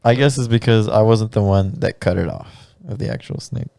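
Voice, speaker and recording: Podcast host man, laughs a lot, dark mellow voice, dry close sound; rambly storyteller. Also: on the low side, a little fast, vocal fry, smooth, no echo. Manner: laughs often, rambling storytelling with many fillers. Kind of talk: casual chat.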